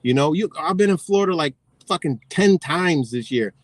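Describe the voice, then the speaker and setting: A man's voice: a little high, lively intonation, moderate pace, no room sound. A man ranting profanely in a casual livestream, rambling and losing his train of thought. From United States.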